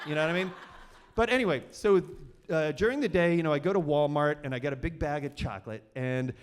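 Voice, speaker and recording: A man's voice: on the high side, fast talker, a little hiss or hum. A man hosting a live storytelling show, telling a funny personal story on stage with many fillers and restarts. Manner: rambling and self-deprecating, many fillers and restarts.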